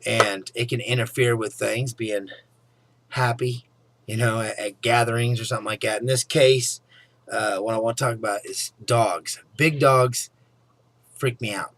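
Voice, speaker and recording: A man's voice: medium pitch, steady tone, measured pace, fairly bright tone. A middle-aged man telling a personal story in a casual, rambling way, often saying "anyway" and "okay?". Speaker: vlogger.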